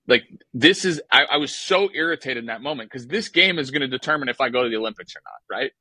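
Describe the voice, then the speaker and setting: A man co-hosting a podcast, telling a baseball story in an animated, exasperated way and swearing freely. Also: mid-range voice, fairly quick, slightly rough, no echo, rough recording. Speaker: podcast co-host, former baseball player.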